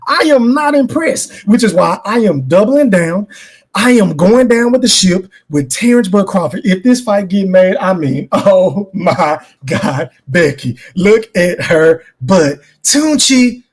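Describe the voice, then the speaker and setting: A man hosting a live podcast delivers an emphatic, profane rant, calling out his chat. His voice sits high and leaps all over the place. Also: animated, slow pace, slightly rough. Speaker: podcast host. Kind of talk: animated boxing opinion rant.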